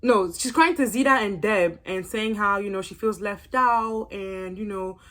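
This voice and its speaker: A young woman hosting a casual review vlog, talking in a gossipy, animated way with exclamations and quick asides. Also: medium pitch. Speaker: YouTube reality-TV reviewer.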